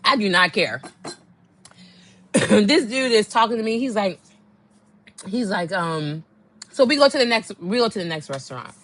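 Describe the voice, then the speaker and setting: A woman's voice: mid-range voice, moderate pace, pauses often. Sassy woman telling a dating story. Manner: animated, sassy, acts out quotes. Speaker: podcast host. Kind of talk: casual storytelling monologue.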